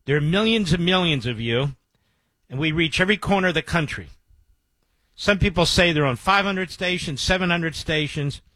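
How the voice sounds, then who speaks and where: A man's voice: a little high, expressive, normal speed, sharp tone, dry recording. A man hosting talk radio, speaking emphatically and boastfully and repeating key phrases for effect. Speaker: radio talk show host.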